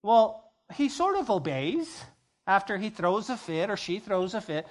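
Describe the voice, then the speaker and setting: A male pastor preaching a sermon, acting out scenes as quick dialogue and repeating key phrases for emphasis. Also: high-pitched, sing-song.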